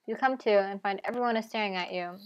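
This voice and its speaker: A woman's voice: medium pitch, fast talker, lo-fi sound. A woman streamer reading a video game aloud on a live stream, with wry, playful asides.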